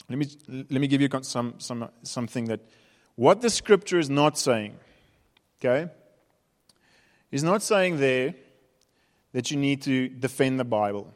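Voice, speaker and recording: A man's voice: mid-range voice, expressive, measured pace, pauses often. A man with a South African accent preaching a sermon, telling stories in a conversational, humorous way. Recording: reverberant hall.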